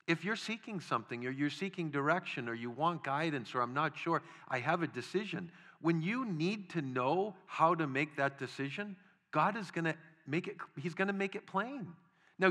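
A man's voice: on the high side, bright, forceful tone. A middle-aged man preaching a sermon in a conversational way, acting out small quoted exchanges as he teaches. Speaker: pastor.

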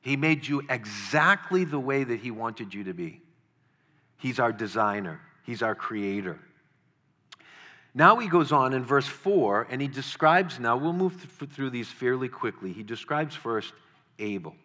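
A man's voice: medium pitch, animated, a little slow, bright, forceful tone, long reverb tail. A man preaching a sermon in an earnest way, repeating words for emphasis.

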